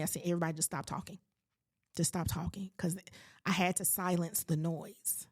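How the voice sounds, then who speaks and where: Gravelly-voiced woman telling her story. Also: lowish voice. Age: late 40s. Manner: animated storyteller who acts out her own reactions; faith-filled, preacherly asides. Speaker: podcast host. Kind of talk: personal storytelling podcast.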